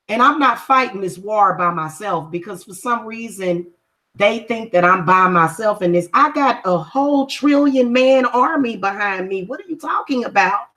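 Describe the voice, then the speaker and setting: A woman with a slightly high, bright voice and a forceful tone chats casually with her livestream viewers. She's a spiritual practitioner who does readings and spellwork, and she comes across as confrontational and emphatic, repeating points to drive them home.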